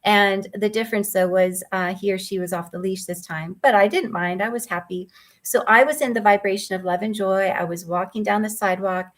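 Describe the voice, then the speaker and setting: A woman mindfulness coach telling a personal story in a gentle, earnest way, with frequent ums and restarts. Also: medium pitch, steady tone, brisk.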